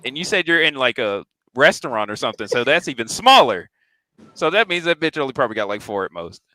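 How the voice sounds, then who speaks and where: Man, panel guest, quick talker, animated pitch, bright dry sound, teasing. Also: dry recording. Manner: rapid, teasing, exaggerated storytelling with laughs. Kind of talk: casual panel chat.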